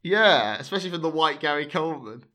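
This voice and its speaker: A man hosting a casual podcast, his voice bright and forward. He jokes around, swears freely and reads reviews out in a mocking tone. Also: fairly high pitch, expressive, quick pace. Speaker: podcast host.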